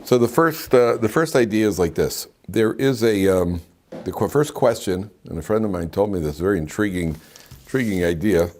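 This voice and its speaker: This older rabbi's voice is lowish and a little mellow, with lively intonation and normal speed. Leading an informal Torah class for students in a classroom, he digresses freely, restarting thoughts and adding side comments.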